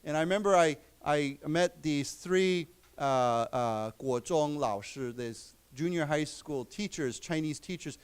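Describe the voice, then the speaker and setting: A man teaching an English class, explaining words slowly and repeating them. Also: fairly high pitch, clear, resonant tone. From United States. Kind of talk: lecture. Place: library lecture room.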